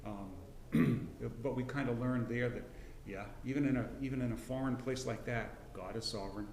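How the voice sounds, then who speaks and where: A man's voice: mid-range voice, normal speed, a little mellow. Middle-aged guy rambling thru a church bible lesson, echoey room, little hum behind. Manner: folksy, rambling, frequent restarts and throat clearing. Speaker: Bible class teacher. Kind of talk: casual Bible lesson with personal story. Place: church classroom.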